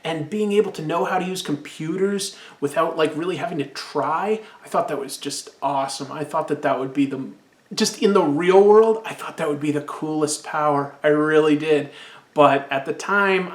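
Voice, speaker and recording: A man's voice: on the high side, echoey room. A man casually reviewing an old comic, rambling and enthusiastic while sipping absinthe.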